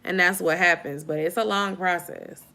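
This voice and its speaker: Young adult woman vlogger, bright lower voice, sleepy chatty live-stream host. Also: steady tone, normal speed. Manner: chatty, informal, addresses viewers as y'all. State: sleepy, yawning. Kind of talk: casual live-stream chat.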